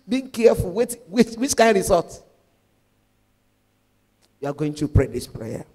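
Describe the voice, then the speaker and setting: A woman evangelist with a Nigerian accent preaching a sermon, animated and slipping into Pidgin. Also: medium pitch, moderate pace, pauses often, long reverb tail.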